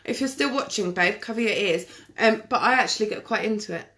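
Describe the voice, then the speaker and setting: A woman's voice: mid-range voice, quick pace, fairly bright tone. A woman, chatting casually to viewers during a live makeup tutorial and answering their comments by name. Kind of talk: casual live-stream chat while doing makeup. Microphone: webcam or phone on a live stream.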